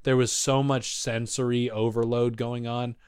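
A man from Texas telling a long story in casual chat, animated and swearing freely. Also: medium pitch, a little slow, clean tone, dry recording, clean studio sound. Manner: animated, profane, acts out voices.

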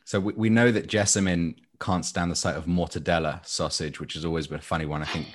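A man's voice: low-pitched, fairly even intonation, quick pace. A man co-hosting a sports podcast, jokey and steering the conversation with questions. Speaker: podcast co-host. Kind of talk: casual sports podcast chat.

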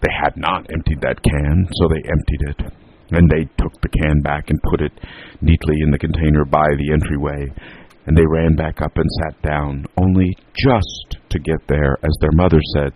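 A man telling a homely family story in an unhurried, drawn-out way. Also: rumbling low, flat delivery, a little mellow, dry recording, low-quality recording. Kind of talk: storytelling narration.

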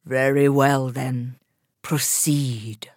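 A woman voicing an older reclusive man in a wheelchair, speaking slowly and solemnly in a story reading. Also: low voice, no room sound, studio quality, voice pushed down.

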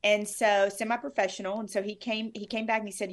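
A woman's voice: medium pitch, level tone, fast talker. A middle-aged woman, a former sportscaster, telling stories in a bubbly, effusive way as a guest in an interview. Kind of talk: conversational interview.

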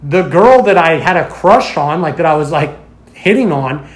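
A man in casual chat, telling a story in an animated way, filling his talk with "like" and acting out what people said. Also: fairly high pitch, normal speed. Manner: animated storyteller, heavy use of "like", acts out quoted lines. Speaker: podcast guest telling a story.

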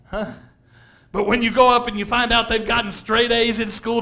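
Middle aged pastor guy preaching, real high voice, acts out little quotes and laughs a lot. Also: flat delivery, normal speed, pushed and bright. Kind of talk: sermon.

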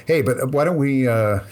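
A man's voice: mid-range voice, darkish tone. A man co-hosting a podcast, talking thoughtfully and hesitantly, with many "you know"s. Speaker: podcast co-host. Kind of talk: casual chat.

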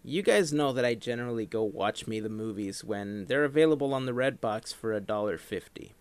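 A man in his thirties co-hosting a podcast, talking in an animated, playfully dramatic way. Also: mid-range voice, brisk, clear, resonant tone. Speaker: podcast co-host. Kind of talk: casual chat.

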